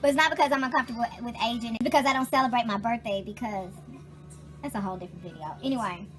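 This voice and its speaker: A loud emotional woman over kitchen music. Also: fairly high pitch, rapid-fire. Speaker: vlogger. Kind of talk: casual chat. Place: home kitchen. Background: music playing.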